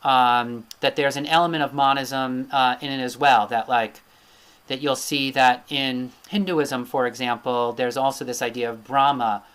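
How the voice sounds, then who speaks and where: A man's voice: mid-range voice, fairly even intonation, normal speed, fairly bright tone, clean tone. A man teaching a recorded lecture with slides, thinking aloud and checking in with his listeners. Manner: thinking aloud, with frequent fillers and "right?" tag questions. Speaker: Ayurveda teacher.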